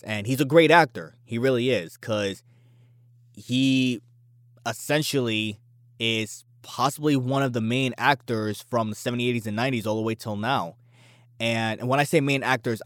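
A man's voice: mid-range voice, no room sound, studio quality. A man hosting a solo podcast, rambling loosely, often stumbling over and repeating his words, with casual swearing. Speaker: podcast host.

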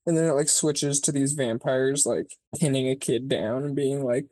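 A podcast co-host casually retelling a movie plot, rambling and swearing, filling every pause with "like" and acting out the characters' lines. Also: medium pitch, darkish tone, no echo. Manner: rambling, profane, peppered with "like"; acts out characters' lines mid-story.

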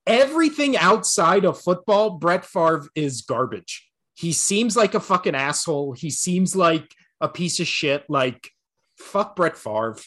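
A man's voice: a little high, big pitch swings, measured pace, a bit bright. A man co-hosting a casual sports podcast, ranting bluntly with lots of swearing and laughter. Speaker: podcast co-host.

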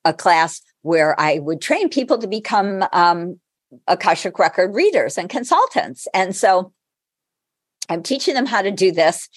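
A middle-aged woman, a spiritual teacher and guest, telling stories in a casual interview, animated and laughing often. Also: fairly low pitch, no room sound, studio quality.

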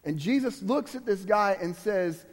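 High-voiced preacher. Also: male voice, lively intonation, measured pace, big-room sound. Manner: emphatic, conversational preaching with asides to the congregation. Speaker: guest preacher. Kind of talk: sermon.

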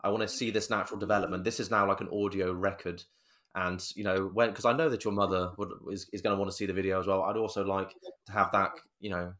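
Man, podcast host, lowish voice, casual interview, halting with restarts. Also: flat delivery. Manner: warm, hesitant, many restarts.

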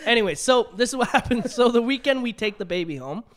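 A young man co-hosting a casual podcast chat, an animated storyteller who laughs often. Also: very high voice, fast talker. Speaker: podcast co-host.

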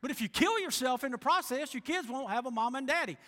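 A man's voice: very high-pitched, animated, fast, a bit bright, big-room sound. A male pastor preaching a folksy sermon, acting out voices. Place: church.

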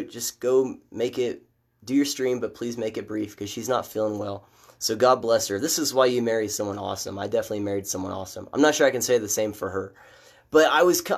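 A man in casual live-stream commentary, talking politics in an unscripted way. He sounds exasperated and animated, and his voice rises sharply whenever he mocks a view he disagrees with. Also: medium pitch.

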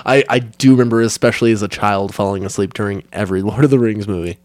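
Young man, low voice, dry close sound, casual podcast chat, swears and laughs. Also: quick pace, a little mellow, no room sound. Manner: laid-back, swears often, laughs a lot. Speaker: podcast co-host.

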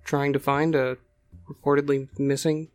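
A man's voice: medium pitch, level tone, normal speed, darkish tone, dry recording, soft background music. A man player in a tabletop game, asking questions hesitantly with many fillers.

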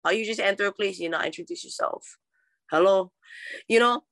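A young woman with a Hawaiian accent talks easily as a guest on an interview show, slipping Hawaiian words into her talk. She chats freely and laughs a lot. Her voice is recorded close and dry, with a mid-range pitch. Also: a little fast, vocal fry, fairly bright tone, no room sound. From Oahu, Hawaii. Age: young adult. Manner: chatty, laughs often, mixes in Hawaiian words. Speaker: podcast guest. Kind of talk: casual conversational interview.

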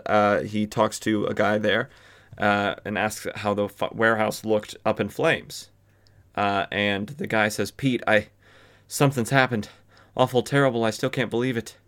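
A man with a fairly low voice talks through an old comic book story for his podcast. His delivery is loose and conversational, peppered with filler words. He drops in wry asides along the way. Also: fairly bright tone. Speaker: podcast host. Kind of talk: casual comic book recap.

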